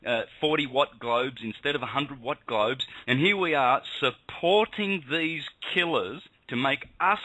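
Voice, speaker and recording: A man's voice: medium pitch, sharp tone, no room sound, rough recording. A man from Australia hosting a talk radio show, ranting with fiery passion.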